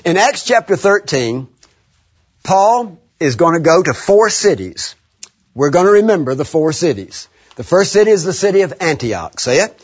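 Man preacher, teaching style, repeats lines with the crowd; husky tone, muffled recording. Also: very animated. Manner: call-and-response, repeats phrases slowly for emphasis; bursts of high laughing shouts. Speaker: preacher teaching young people. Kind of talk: lively teaching sermon. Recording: dull lo-fi recording.

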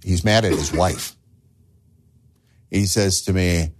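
A man's voice: deep voice, takes it slowly, long pauses. A man preaching a sermon as a pastor, earnest, asking the listeners rhetorical questions and repeating words as he starts phrases.

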